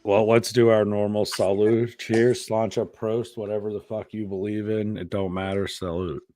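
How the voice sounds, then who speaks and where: A man's voice: lowish voice, little pitch movement, normal speed, dark tone, dry recording, studio quality. A man hosting a casual live-stream chat, telling stories full of swearing and crude jokes. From Pennsylvania. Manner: crude, profane joking banter. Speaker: podcast host.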